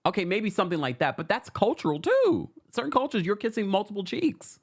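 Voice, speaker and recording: A man hosting a casual pop culture gossip show, animated and sassy, laughing often as he comments. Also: high-pitched, a little fast, gravelly.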